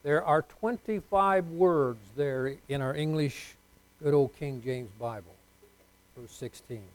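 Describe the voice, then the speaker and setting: A preacher whose voice is pitched a little high for a man delivers a sermon, leading the congregation in call-and-response. He swings between soft, low asides and loud, emphatic lines, sounds unwell, and the recording is slow and low in quality.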